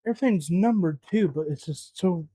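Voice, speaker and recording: A man's voice: high-pitched, lively intonation, a little fast, warm tone, breathy edge, no echo. A man cooking at home, talking to himself in a flustered, muttering way and swearing often. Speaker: home cook vlogger. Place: home kitchen.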